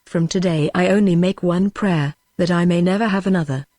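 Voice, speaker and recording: A woman's voice: on the low side, brisk, dark tone, no echo, lightly acted. A synthetic woman's voice reading the lines of a grieving, feverish mother who is bitter and foresees doom, with no change of voice.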